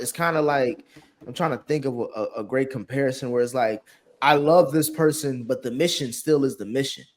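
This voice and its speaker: A man co-hosting a podcast in casual chat, expressive and profane, acting out scenes as he talks. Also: mid-range voice. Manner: expressive, acts out lines, profane. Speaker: podcast co-host.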